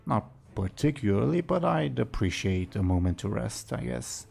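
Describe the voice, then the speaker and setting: A man voicing a calm, polite undead male companion who speaks formally and mildly. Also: mid-range voice, moderate pace, creaky, breathy edge, exaggerated voice. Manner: formal, mild, deferential.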